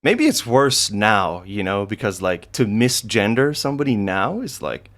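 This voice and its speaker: A man's voice: sing-song, a little slow, fairly bright tone. A man co-hosting a casual podcast, teasing and joking with his friend. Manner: playful, mimics his co-host in high squeaky voices. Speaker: podcast co-host. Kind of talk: casual chat.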